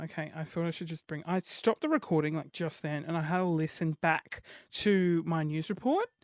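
A man with an Australian accent and a high-pitched voice chats on his solo podcast. He rambles and mocks himself excitably. The sound is dry and close. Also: no room sound. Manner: excitable, rambling, self-mocking. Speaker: podcast host. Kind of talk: casual solo podcast chat.

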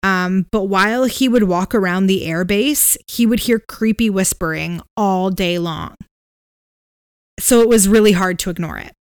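A woman's voice: mid-range voice, measured pace, smooth, no echo, studio quality. A woman co-hosting a podcast, casually retelling a ghost story with "um"s and "like"s. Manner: relaxed retelling with fillers and hedges. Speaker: podcast co-host.

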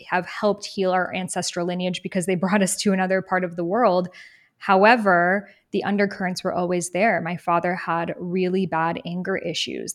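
A young adult woman, a guest in an interview, telling her life story in an earnest, reflective way and briefly acting out other people's words. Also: on the low side. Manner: earnest, reflective, animated when quoting others. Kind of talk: personal storytelling in conversation.

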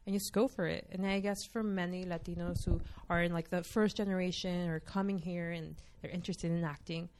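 A woman's voice: fairly low pitch, steady tone, fairly quick, hardly any pauses, darkish tone. A woman interviewer asking long, earnest questions.

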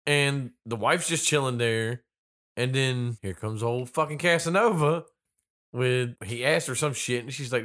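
A man's voice: mid-range voice, measured pace, a bit bright. A man co-hosting a casual movie-review chat, riffing sarcastically and swearing freely. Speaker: podcast co-host.

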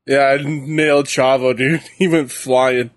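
A man co-hosting a casual watch-along chat, laid-back and quick to laugh. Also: mid-range voice, fairly even intonation, no echo. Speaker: co-host.

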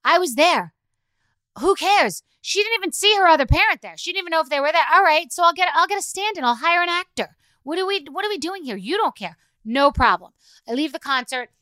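Bright, high-voiced woman ranting. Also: expressive, dry recording. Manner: rapid, profane, exasperated storytelling with many "like"s. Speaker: podcast host. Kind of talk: solo comedic rant.

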